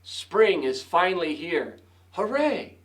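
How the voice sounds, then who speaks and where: A man's voice: high voice, very animated, slow pace, fairly bright tone, exaggerated voice. A man voicing a small, friendly, encouraging mouse in a read-aloud storybook. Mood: upbeat.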